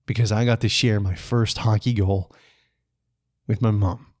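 A man from Canada telling a personal story on his podcast in a relaxed, conversational way, chuckling often and swearing casually. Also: on the low side, moderate pace. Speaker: podcast host.

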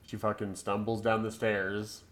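A man with a low voice talks through a movie recap for his podcast. He is sarcastic and swears freely. He laughs a lot while he goes. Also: flat delivery, unhurried, a bit bright. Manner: profane, sarcastic, laughs often. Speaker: podcast co-host. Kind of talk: casual movie recap chat.

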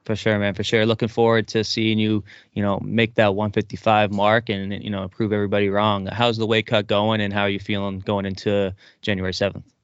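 Low, flat-toned interview host. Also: male voice, brisk, smooth, dry recording. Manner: laid-back, affirming with short backchannels. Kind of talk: casual interview hosting. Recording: dry, dull lo-fi audio.

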